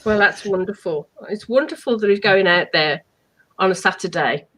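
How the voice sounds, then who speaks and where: On a rough-sounding video call, a woman co-hosting a self-help live stream talks at normal speed in a mid-range voice. She's animated, emphatic and affirming.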